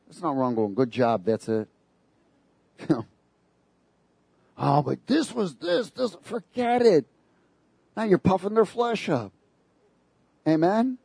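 A man preaching a sermon, lively and sarcastic, laughing between his points. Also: high voice, takes it slowly, vocal fry, long pauses, husky, no echo.

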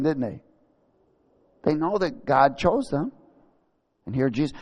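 A male preacher delivers an emphatic sermon, swinging between loud, pointed declarations and low, pressing asides. He keeps calling out to his listeners for a response, and his voice rings with a long reverb through a large hall. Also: animated, moderate pace, pauses often. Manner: emphatic, calls for audience response.

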